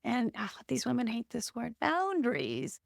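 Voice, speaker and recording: A woman's voice: fairly high pitch, huge pitch swings, moderate pace, creaky, no echo, studio quality. A woman hosting a casual podcast conversation, earnest and encouraging as she affirms her guest. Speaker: podcast host.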